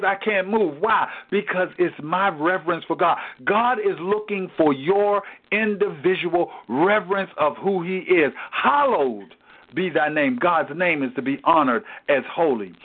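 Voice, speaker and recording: A man teaching a Bible study in a preaching cadence, asking rhetorical questions and repeating key phrases for emphasis. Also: sits high. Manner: rhetorical questions, repeats "why?" and "guess what?". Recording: tinny phone-like recording.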